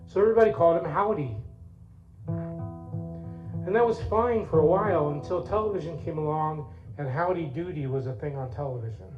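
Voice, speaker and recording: A man's voice: fairly high pitch, fairly quick, long pauses. A man telling a story in a chatty, folksy way, with asides to the audience at a church service. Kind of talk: storytelling with song. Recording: echoey, tinny, loud guitar.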